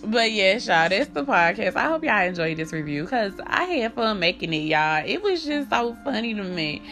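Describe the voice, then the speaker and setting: A woman with a bright, forceful voice hosts a podcast in a loose, animated way. She reviews a horror movie with profane slang and keeps breaking into laughter, and faint music plays behind her. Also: mid-range voice, normal speed. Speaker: podcast host.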